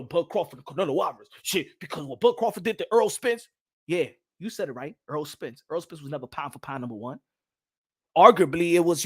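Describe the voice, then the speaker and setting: A man hosting a casual boxing live stream, talking animatedly, repeating himself and shouting out chat viewers. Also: high voice. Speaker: boxing channel host.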